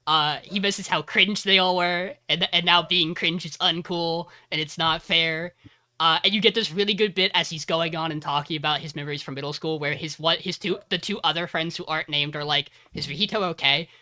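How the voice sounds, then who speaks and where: A man co-hosting a podcast, retelling an anime episode in a rambling, animated way with many fillers. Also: a little high, fairly quick, smooth. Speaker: podcast co-host. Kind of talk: casual anime recap.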